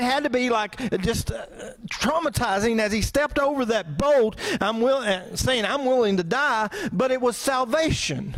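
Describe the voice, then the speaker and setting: A high-voiced pastor preaches a sermon in church, keeping it conversational and posing rhetorical questions.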